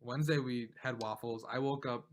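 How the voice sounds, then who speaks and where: A man's voice: mid-range voice, fairly even intonation, brisk. Laughing, rambling male podcast co-host. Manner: rambling storyteller, often laughing, full of "like". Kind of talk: casual chat.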